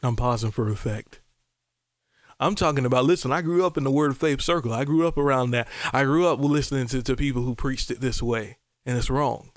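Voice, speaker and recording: A man preaching a podcast sermon, animated, with loud exclamations, soft asides and repeated calls to his listeners. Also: mid-range voice, brisk, no echo, studio quality.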